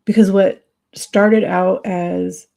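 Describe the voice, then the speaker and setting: A woman's voice: medium pitch, level tone, slow, gravelly, warm tone. A woman hosting a livestream, talking to viewers in a confiding, emotional, sympathetic way. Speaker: livestream host.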